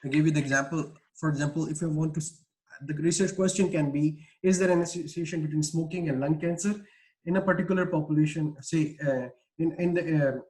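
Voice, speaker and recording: A man's voice: fairly high pitch, darkish tone, low-quality recording. Man, webinar lecturer, video call mic, explanatory with restarts. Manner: explanatory, frequent "uh" fillers and restarts. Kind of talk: online research lecture.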